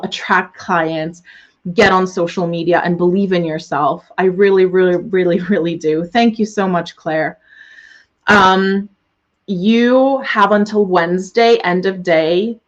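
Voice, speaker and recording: A young woman business coach closing a live webinar, gushing and excitable, swearing freely as she greets viewers. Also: lowish voice, muffled recording.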